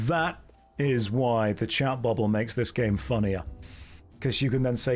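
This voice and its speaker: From a warm indoor room, a young man speaks a little slowly in a mid-range voice while casually commentating his streamed game with dry, sarcastic running jokes, faint music playing behind.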